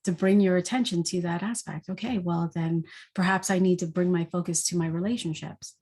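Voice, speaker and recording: A woman's voice: on the low side, fairly even intonation, fairly quick, darkish tone. A woman giving a spiritual daily energy forecast in a reflective, unscripted way. She asks many rhetorical questions and often says "like".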